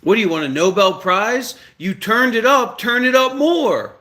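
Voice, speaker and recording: A man's voice: sits high, expressive, normal speed, pushed and bright. A man in casual banter with a voice assistant, pushy and crude, repeating his demands and coaxing. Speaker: host.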